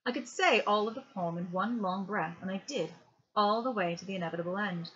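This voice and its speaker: Woman reading a hushed bedtime story. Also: medium pitch, brisk, breathy edge. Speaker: reader. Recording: dull lo-fi home recording.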